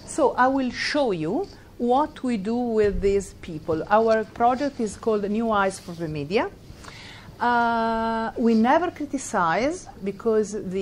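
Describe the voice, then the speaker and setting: A middle-aged woman with an Italian accent, giving a university lecture in English. Her voice sits at a middle pitch, and she pauses and restarts often as she searches for words. A faint background noise runs under the recording. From Italy. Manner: halting, searching for words, laughs while telling a story. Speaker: guest lecturer.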